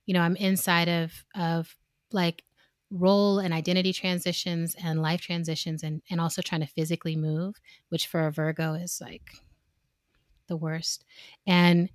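Woman co-host, candid and emotional, low-ish voice, dry close mic. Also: level tone, normal speed, no echo. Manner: candid, emotional, laughs often; acts out quoted exchanges. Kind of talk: casual chat.

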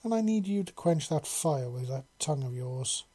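A man reading the part of a sultry, eager female dragon-woman who purrs and teases softly. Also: fairly high pitch, animated, moderate pace, breathy edge. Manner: purring, soft and teasing.

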